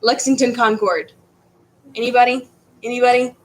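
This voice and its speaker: Rambling woman teacher, fairly high voice. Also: fairly even intonation, normal speed, rough recording. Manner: rambling, stumbles over words and restarts. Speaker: history teacher. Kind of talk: casual classroom lecture.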